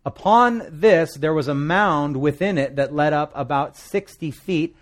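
A man, a pastor from the United States, preaching a sermon, telling a joke with acted-out lines and reading scripture with emphasis. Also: a little slow. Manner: lively storytelling preacher, acts out a joke with big pitch swings.

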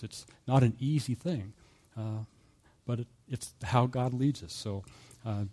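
Warm-voiced man preaching casually. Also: medium pitch. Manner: conversational, halting with fillers and chuckles. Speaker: pastor. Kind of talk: sermon storytelling.

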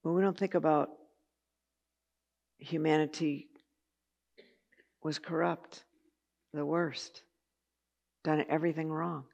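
A woman's voice: sits low, steady tone, slow, vocal fry, long pauses, a little mellow, dull audio. A woman teaching a Bible study lesson in a conversational way, with chatty asides and filler words.

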